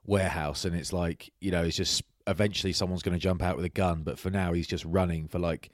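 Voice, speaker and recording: Man, low-voiced rapid storyteller, close dry mic. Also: dry recording. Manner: rapid, animated storytelling with put-on quotes. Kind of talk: casual banter.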